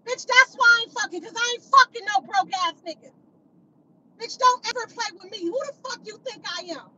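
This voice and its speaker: A woman's voice: very high-pitched, a little fast, bright, forceful tone, slight background noise, rough recording. A woman, ranting angrily and profanely at critics on a phone livestream, repeating her insults again and again. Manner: confrontational, profane, repetitive insults. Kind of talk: angry livestream rant.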